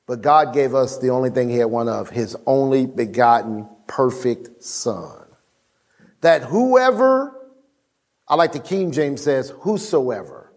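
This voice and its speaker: A middle-aged man preaches a sermon in a mid-range voice, taking it slowly with long pauses. He's emphatic yet casual, calling on the congregation to answer back in call-and-response.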